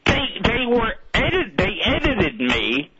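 A man's voice: sits high, wildly swooping pitch, takes it slowly, lo-fi sound, a loud crowd. A man calling in to a radio show by phone, stammering and laughing as he talks. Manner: stammering, laughing, restarting sentences. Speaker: guest caller, comedian. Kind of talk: casual phone-in chat.

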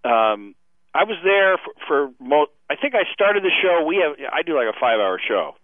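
Man, phone-in guest, deadpan dry humor, tinny phone line. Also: on the high side, moderate pace, dry recording. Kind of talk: casual chat.

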